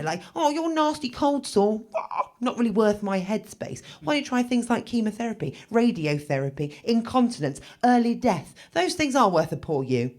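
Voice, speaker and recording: A woman in her thirties delivers a stand-up comedy set. Her humour is dark and self-mocking, told in a wry, conversational way. Every so often she breaks into a loud, exaggerated outburst. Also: a little high.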